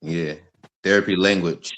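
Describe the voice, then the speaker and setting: Deep-voiced man hosting a casual chat. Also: fairly even intonation, a little slow, a bit bright. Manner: loose, joking, slangy. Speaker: podcast host.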